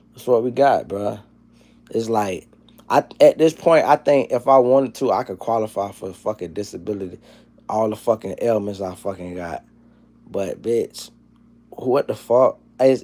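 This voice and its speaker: A man in his forties hosting a casual livestream, rambling and profane, dropping to low mumbles and then breaking into loud, animated rants. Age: 40s. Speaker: livestream host. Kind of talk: casual livestream chat, reading chat comments.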